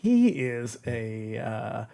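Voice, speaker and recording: A man co-hosting a podcast in relaxed, casual conversation. He speaks bluntly, with a sardonic edge and frequent joking asides. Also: medium pitch, drawn-out words, creaky. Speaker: podcast co-host. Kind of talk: casual chat.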